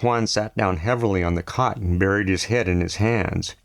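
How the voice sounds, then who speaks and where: A man narrating a novel aloud in a steady, measured reading. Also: low voice, vocal fry, no room sound, studio quality. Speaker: audiobook narrator.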